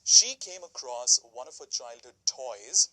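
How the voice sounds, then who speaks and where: A man's voice: mid-range voice, lively intonation, measured pace, sharp tone, rough recording. A man teaching an English lesson, explaining phrases step by step with example sentences and questions to the viewers.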